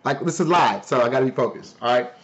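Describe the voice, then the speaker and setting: A man hosting a live stream, talking loudly and playfully to his viewers in a casual sales pitch. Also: quick pace, highs cut off. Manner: loud, playful, talks to chat. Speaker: livestream host.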